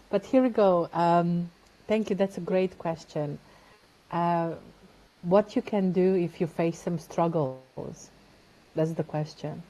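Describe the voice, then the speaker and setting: Woman coach talking slow and mellow, kinda hesitant, lower voice. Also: steady tone, lo-fi sound. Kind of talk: talk show guest answer.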